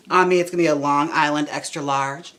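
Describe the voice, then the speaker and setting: A man streaming live as a drag performer and wig stylist, trying on wigs and chatting in a campy way with quick laughing asides. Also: on the high side, fairly even intonation, pushed and bright, soft background music. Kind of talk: casual live-stream chat.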